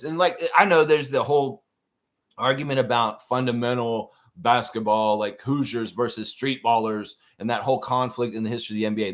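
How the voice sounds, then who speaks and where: A man hosting a live stream, chatting casually and ranting with plenty of swearing. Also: mid-range voice. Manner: profane, animated rant reading chat.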